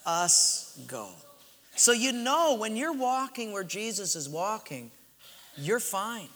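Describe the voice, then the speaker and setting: A male pastor preaching a sermon, telling stories dramatically and swinging between loud bursts and hushed asides, with hall reverb. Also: high-pitched, unhurried.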